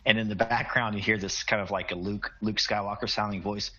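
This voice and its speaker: A male game master narrating a tabletop game casually, with a very deep but bright voice. The recording sounds dull and lo-fi. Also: level tone, fairly quick. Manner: casual, hesitant with fillers.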